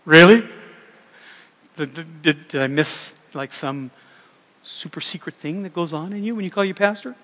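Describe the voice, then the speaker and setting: A middle-aged man preaches in a high, light voice, talking to his congregation like he's chatting with friends. He jokes and rambles through restarts before building back up. His words ring with a long reverb in a church sanctuary. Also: normal speed, a bit bright. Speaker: pastor. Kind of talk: sermon.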